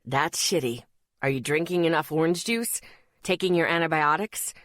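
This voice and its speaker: A woman voicing a calm, patient father figure who speaks in a firm, pointed way in an audiobook. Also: sits low, normal speed, dry recording, clean studio sound. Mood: concerned.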